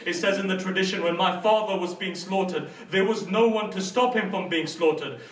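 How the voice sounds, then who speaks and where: A man's voice: high voice, fairly quick, slight background noise. Man, British accent, preacher, dramatic storytelling sermon, echoey hall. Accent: British English. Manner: dramatic storytelling, voicing each figure. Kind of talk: majlis sermon narration. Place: mosque hall. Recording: echoey hall, distant mic.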